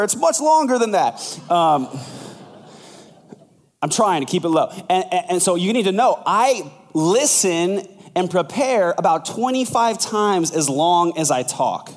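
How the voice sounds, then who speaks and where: A male pastor delivers a sermon in a fairly high voice, lively and conversational. He jumps into quoted voices with sudden leaps in pitch. His words ring out with the long reverb of a large hall.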